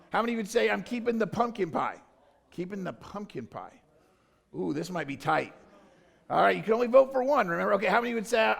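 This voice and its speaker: A pastor at a church service running a playful, jokey poll with the congregation, calling out to the crowd. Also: male voice, sits high, creaky. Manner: jokey, energetic, calls out to the crowd. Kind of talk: playful audience poll from the stage.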